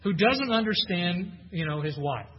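This pastor has a high, expressive, slightly rough voice and speaks at a moderate pace. He teaches from a Bible passage conversationally, often asking listeners questions and saying things more than once. The recording is dull and lo-fi with long hall reverb.

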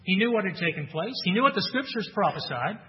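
A man preaching a sermon earnestly, rising loud for emphasis and dropping soft for weight. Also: sits high, animated, fast. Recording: dull sound with long hall reverb.

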